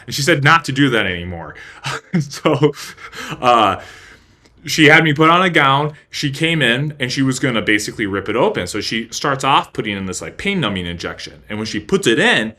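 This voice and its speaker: A man's voice: medium pitch, sing-song, moderate pace, bright, forceful tone. A man casually telling a personal story, blunt and profane, acting out his own reactions along the way.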